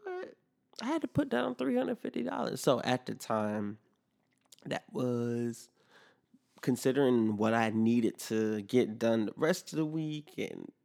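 A young man tells a story on his podcast in a loose, swearing rant, playing out every exchange as he goes. His voice has a gravelly edge and sits at an ordinary pitch for a man. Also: a little slow. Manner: animated, profane, acts out both sides of conversations. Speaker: podcast host.

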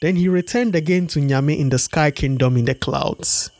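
A man narrating a folktale in a steady storybook read-aloud. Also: a little high, moderate pace, slight background noise.

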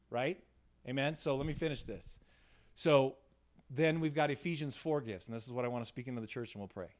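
A male pastor giving a loose, conversational sermon in a small room, voice sitting at an ordinary middle pitch. He swings between hushed asides and bursts of laughing energy, checking in with "right?" as he tells his stories. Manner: animated, laughing, frequent "right?" tag questions. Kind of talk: informal sermon with storytelling. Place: small room in a church setting.

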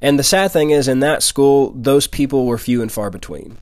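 A man's voice: medium pitch, normal speed, darkish tone, no room sound, studio quality. A man, preaching a sermon and telling a personal testimony in an earnest, emphatic way. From Louisiana, US. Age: 20s. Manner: earnest storytelling, emphatic repetition.

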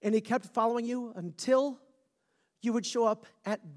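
A pastor preaching at a church service in a casual, slangy way, moving between hushed, near-whispered lines and loud, fervent emphasis, and audibly emotional. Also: medium pitch, moderate pace. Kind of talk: sermon. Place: church service before a live congregation.

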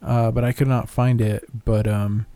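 Mellow-voiced man in playful podcast chat. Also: mid-range voice, flat delivery, moderate pace, no echo. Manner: playful, slips into jokey voices, profane. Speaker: podcast co-host.

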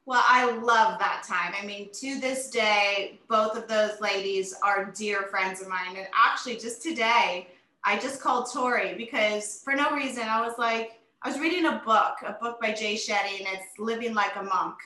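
A woman in her forties, a retired wrestler, telling stories in a casual interview in an animated, emotional way with many fillers. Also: mid-range voice, moderate pace, roomy sound, low-quality recording.

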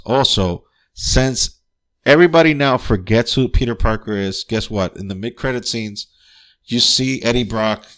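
A man with a somewhat low voice runs through a film's ending in a loose, podcast-style review. He talks in an excitable way, swears freely and keeps building up to the next reveal with "guess what?". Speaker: podcast host. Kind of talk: casual spoiler-filled movie review.

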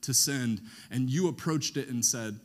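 A man preaching a sermon, who often pauses so that the congregation can finish his sentences. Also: mid-range voice. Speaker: pastor.

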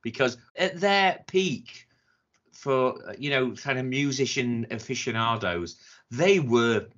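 A man's voice: mid-range voice, lively intonation, slow pace, fairly bright tone. A man chatting casually on a podcast as a co-host, enthusiastic and rambling, swearing as he talks. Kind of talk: casual chat. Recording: dull lo-fi sound.

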